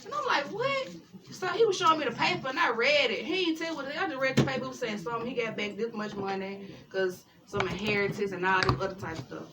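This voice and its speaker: A woman's voice: fairly high pitch, quick pace, few pauses, background noise. Memphis woman telling a wild story. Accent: Memphis Southern US. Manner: animated, acts out quoted voices. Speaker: storyteller guest. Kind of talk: casual storytelling. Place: family gathering. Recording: distant mic, crowd chatter behind.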